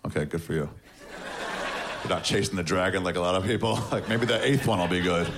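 Gravelly sardonic male stand-up comic. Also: fast. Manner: sardonic, acts out characters in high shouted voices. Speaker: stand-up comedian. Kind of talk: stand-up set. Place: comedy club stage with audience. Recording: noisy live club recording.

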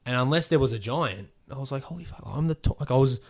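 A man, a pro wrestler telling a story on a casual podcast, animated and swearing freely as he acts out the quotes. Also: medium pitch, fast talker.

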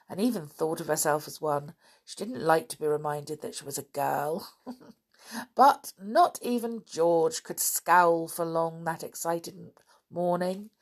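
A woman reading a children's book aloud, then chatting in a gently enthusiastic way to her listeners. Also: low voice. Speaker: storybook reader.

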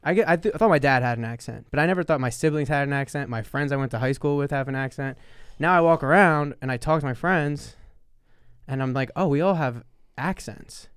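A man from New Jersey with a New York accent, talking in a rambling, animated casual chat. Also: medium pitch, fast talker, clean tone, no room sound, studio quality.

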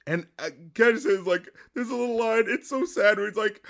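A man's voice: very high-pitched, quick pace, vocal fry, a bit bright. A man co-hosting a casual movie review chat, laughing often and acting out lines. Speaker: podcast co-host.

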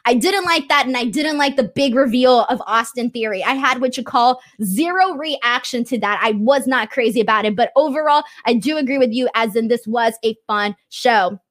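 A young woman with a high voice hosts a casual livestream. She reads viewer messages aloud and answers them in a chatty, opinionated way, with plenty of ums and uhs. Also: moderate pace, hardly any pauses. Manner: chatty and opinionated, many fillers. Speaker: wrestling show host reading viewer chat.

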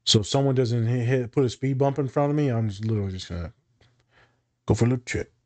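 Male co-host, relaxed profane chatter, mid-range voice, laughs easily. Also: mid-range voice. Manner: loose and profane, quick to laugh. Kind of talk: casual podcast chat.

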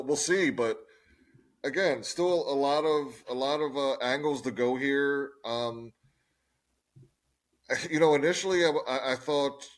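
Man, podcast co-host, casual chat, hesitant, filler-heavy, middle pitch.

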